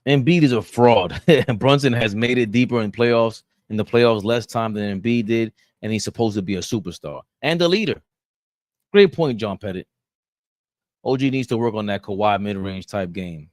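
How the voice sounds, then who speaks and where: A man's voice: lowish voice, expressive, normal speed, no echo, studio quality. A man hosting a casual live-stream sports talk show, reading chat comments aloud and ranting and bantering with the chat, with laughs between points.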